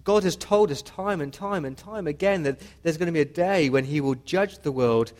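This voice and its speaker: A man's voice: on the high side, normal speed, a little mellow. A man preaching a sermon as pastor, earnest and pleading with his listeners.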